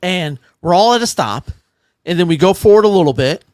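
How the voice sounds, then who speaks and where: A man co-hosts a relaxed podcast chat with a somewhat high, very lively voice. He tells stories with energy and acts out the other people's lines. He is recorded close and dry. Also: a little fast, dry recording. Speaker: podcast co-host. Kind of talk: casual chat, storytelling.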